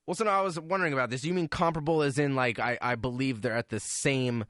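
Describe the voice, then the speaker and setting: A man co-hosting sports radio who talks earnestly and a little haltingly about what he loves. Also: medium pitch, fairly bright tone, no echo, clean studio sound. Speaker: radio co-host. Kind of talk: casual studio chat.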